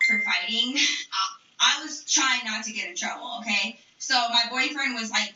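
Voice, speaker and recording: A young woman telling a storytime on a live stream, animated, profane and emphatic. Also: on the high side, moderate pace. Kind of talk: storytime rant. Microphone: streaming mic. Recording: echoey, distant, muffled room sound.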